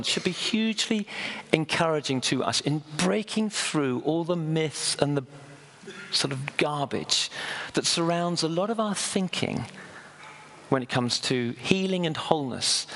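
A man preaching a sermon in a conversational, storytelling way, often pausing and restarting. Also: fairly high pitch, fairly bright tone, a little hiss or hum. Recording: long echo of a hall.

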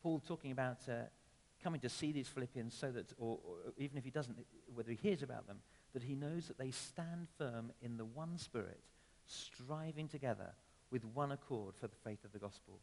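A man preaching a sermon in a church, talking conversationally with sudden emphatic rises and soft drops. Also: mid-range voice, brisk, gravelly. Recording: long reverb of a church hall.

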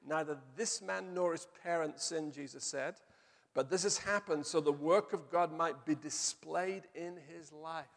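Middle-aged pastor guy preaching, kinda high voice, slows way down on the big points, long echo in a church hall. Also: creaky. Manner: storytelling with slow emphatic pauses. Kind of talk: sermon.

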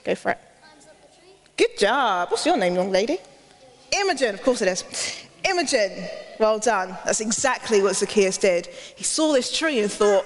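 Animated woman telling children a story. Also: medium pitch, normal speed, long reverb tail. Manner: animated, asks the children questions. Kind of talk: lively children's Bible story.

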